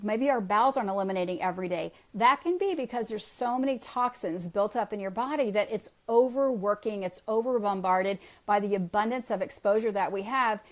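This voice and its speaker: Fast-talking enthusiastic woman coach. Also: mid-range voice. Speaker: wellness coach. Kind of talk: live stream talk answering viewer comments.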